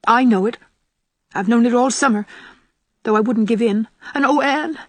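Female narrator doing a scared, sickly young woman, high and trembling, breathy, storybook reading. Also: moderate pace, darkish tone, no room sound, lightly acted. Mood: pleading. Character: frightened, ailing young woman, pleading.

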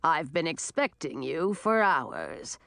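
A woman's voice: low-pitched, very animated, gravelly, a bit bright, no room sound, clean studio sound, full character voice. A woman voicing a nasty, sneering old male wizard in a storybook reading. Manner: sneering, drawn-out.

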